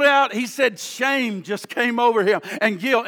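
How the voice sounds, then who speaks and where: A man preaching a sermon, telling a story that builds from quiet, low-voiced passages to impassioned, near-shouted ones. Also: a little slow, hardly any pauses, in a large hall. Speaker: pastor.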